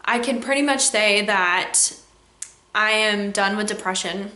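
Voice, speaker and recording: A young woman vlogs a candid personal reflection, close to tears, her medium-pitched voice sharp in tone and measured in pace. She fills her emotional speech with frequent "like"s and "um"s, and the room sounds reverberant.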